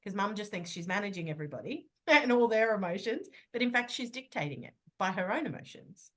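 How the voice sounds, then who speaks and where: A woman's voice: mid-range voice, animated, brisk. A woman hosting a podcast interview, talking in an emphatic, persuasive way. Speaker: podcast host.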